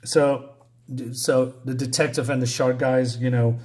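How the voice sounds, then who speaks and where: A man's voice: medium pitch, little pitch movement, a little slow, darkish tone. A man casually recapping a comic book, rambling and chuckling, with plenty of "so, um, right?".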